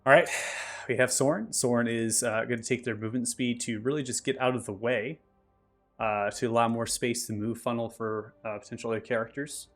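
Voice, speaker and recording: A man acting as game master, calmly narrating the action and explaining rules step by step. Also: mid-range voice, a little fast, faint music behind. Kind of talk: narrating and ruling a tabletop game.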